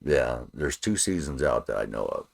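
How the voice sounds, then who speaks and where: Very deep, gravelly man on a podcast. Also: lively intonation, normal speed. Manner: blunt, short agreeing replies, retells scenes. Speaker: podcast co-host. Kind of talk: casual chat.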